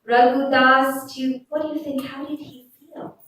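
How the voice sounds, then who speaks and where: A young woman teaching a children's religious class in a temple hall, slow and patient, quizzing the kids as she goes. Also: sits high, little pitch movement, fairly bright tone. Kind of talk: religious lesson with chanted verses. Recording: very echoey hall, mic far off.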